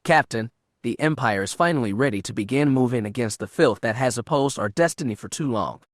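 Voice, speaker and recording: A man voicing a scheming female Sith dark lord in an audiobook, purring and taunting. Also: medium pitch, a little fast, dry recording, studio quality, lightly acted. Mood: commanding.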